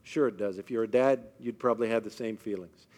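A man's voice: on the low side, fairly even intonation, fairly quick, darkish tone. A man giving a faith-based motivational talk to a live audience, speaking emphatically and often putting questions to the crowd.

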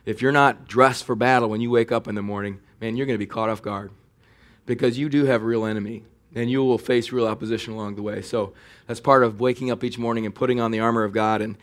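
A man preaching a sermon in a conversational way, building to animated emphasis. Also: on the low side. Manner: conversational preaching, animated when mocking enemy taunts. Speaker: pastor.

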